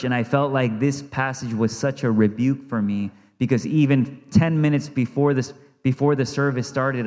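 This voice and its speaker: A man preaching a sermon as pastor in a church, earnest, repeating phrases for emphasis and dropping softly when he quotes. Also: medium pitch. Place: church sanctuary. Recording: long reverb of a church hall.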